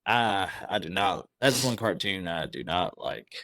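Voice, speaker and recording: A young man with a fairly low voice chats casually as a podcast co-host, reacting with quick laughs and wry quips. The sound is close and dry, with no room around it. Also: lively intonation, a bit bright, no room sound. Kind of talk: casual chat.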